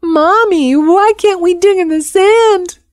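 A woman's voice: slow, no room sound, studio quality. A woman doing small whining children. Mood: whiny pleading. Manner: high, pleading, childlike. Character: small whining children begging their mother.

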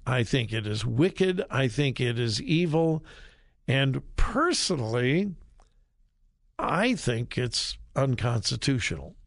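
A man hosting a talk radio show, delivering an opinion monologue deliberately and with emphasis on key words. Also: medium pitch, no echo, studio quality.

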